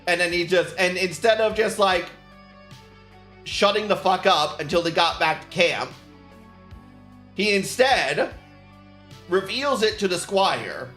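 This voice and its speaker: This streamer talks loosely as he paints, going off on tangents, using profanity, and laughing a lot. He has a high-pitched, bright, forceful voice, captured with a roomy sound.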